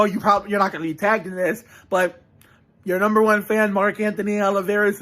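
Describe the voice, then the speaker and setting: A man's voice: high-pitched, a bit bright. A man casually reacting to a show on camera, rambling with frequent restarts and swearing. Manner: rambling, profane, many restarts.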